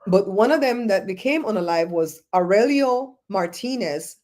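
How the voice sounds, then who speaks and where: A Belizean woman hosting a livestream, chatting in a rambling, animated way and answering viewers' comments. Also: medium pitch, moderate pace. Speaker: show host. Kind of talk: casual livestream chat, reading comments.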